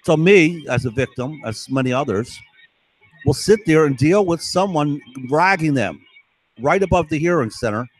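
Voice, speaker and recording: A man's voice: on the high side, expressive, normal speed, no room sound, poor audio. A man in a casual monologue, rambling and insistent, with an aggrieved, conspiratorial tone that keeps checking in with "right?".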